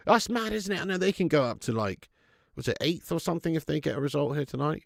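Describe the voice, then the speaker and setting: Gravelly football stream host. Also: male voice, on the high side, fast talker, no echo, studio quality. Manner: chatty, banter-heavy, laughs a lot, greets chat by name. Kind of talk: live football watch-along chat and commentary.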